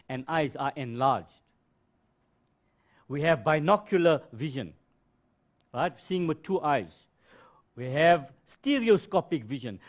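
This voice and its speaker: A man teaching biology on a live stream, explaining slowly and repeating key terms with rhetorical questions. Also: fairly high pitch. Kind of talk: live-streamed classroom lesson.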